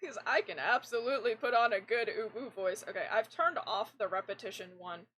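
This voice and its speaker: A woman's voice: medium pitch, a little fast, slight background noise, low-quality recording. Rambling young woman streamer. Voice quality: fairly androgynous voice. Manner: rambling, restarts often, animated. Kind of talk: casual live-stream chat.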